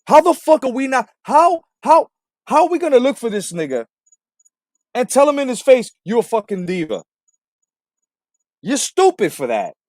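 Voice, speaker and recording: A man's voice: very high voice, sing-song, moderate pace, a little mellow, no echo, clean studio sound. A man hosting a boxing commentary stream, ranting in a combative, profane way and repeating himself for emphasis. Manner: combative, repetitive, swearing heavily. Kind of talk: profane live-stream rant.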